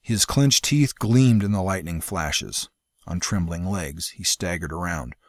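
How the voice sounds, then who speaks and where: A man reading a fantasy novel aloud in a measured, dramatic storytelling manner. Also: low-pitched, no echo, clean studio sound. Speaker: audiobook narrator. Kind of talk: scripted fantasy narration.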